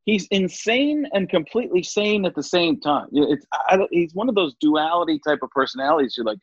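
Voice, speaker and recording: Brief: husky, lively man in casual interview, dry dull lo-fi sound. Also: on the high side, a little fast, dry recording. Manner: animated, jumps into voices. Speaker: comedian guest.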